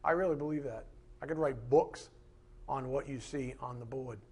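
A man's voice: mid-range voice, normal speed, breathy edge. A man pastor preaching a sermon with emphatic, impassioned delivery, acting out quoted voices along the way.

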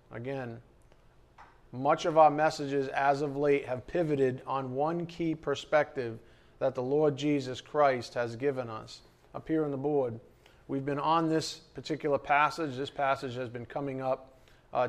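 A man, a pastor preaching a sermon from the pulpit, who repeats key phrases and asks the congregation rhetorical questions. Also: medium pitch. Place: church, behind the pulpit.

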